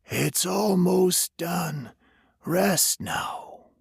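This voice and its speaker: A man voicing a gentle, eerie ghostly stranger who speaks in a soft, comforting half-whisper. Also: sits high, drawn-out words, creaky, breathy edge, no echo, voice pushed up, exaggerated voice. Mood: soothing.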